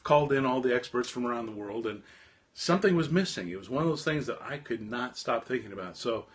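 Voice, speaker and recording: A middle-aged man telling a rambling, animated personal story in a casual monologue to his viewers. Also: mid-range voice, fast. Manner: animated, rambling, with frequent restarts. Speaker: host of a live stream talk.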